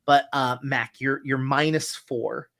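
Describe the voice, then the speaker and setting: A man narrating a tabletop horror game as game master, with many halting restarts and fillers. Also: mid-range voice, steady tone, creaky, a bit bright.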